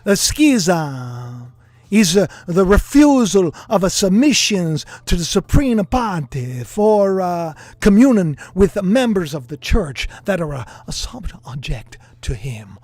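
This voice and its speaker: A man's voice: sits high, sing-song, a little mellow, no room sound, heavily acted. A man doing an Italian-accented church official. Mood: mock solemn. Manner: slow, drawn-out, halting.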